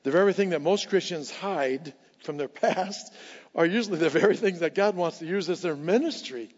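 A pastor preaching a sermon with passion, repeating key lines for emphasis. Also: male voice, sits high, moderate pace, darkish tone. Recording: dull sound with long hall reverb.

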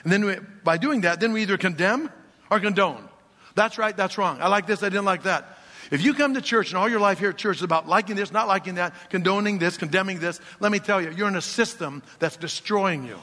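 In a church sanctuary with a long, echoing reverb, a pastor addresses his congregation head-on and peppers them with rhetorical questions. His voice is high, brisk and sharp.

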